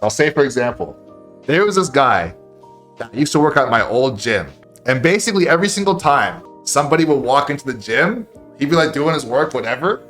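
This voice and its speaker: A man's voice: medium pitch, a little fast, soft background music. Blunt, profane man ranting on stream. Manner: blunt, profane and animated, acting out quoted voices. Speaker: live streamer giving advice. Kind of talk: casual live-stream rant.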